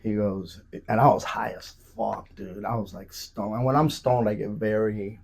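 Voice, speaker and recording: A man on a podcast telling profane, animated stories with lots of restarts. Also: lowish voice, moderate pace, vocal fry, husky. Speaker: podcast guest. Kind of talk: casual storytelling. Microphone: studio podcast mic.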